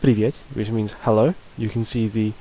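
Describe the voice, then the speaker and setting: Man, fairly low voice, casual video lesson, loose chatty teaching, faint hiss. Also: fairly even intonation, moderate pace, warm tone, poor audio. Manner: loose and chatty, with fillers and restarts. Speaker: language teacher.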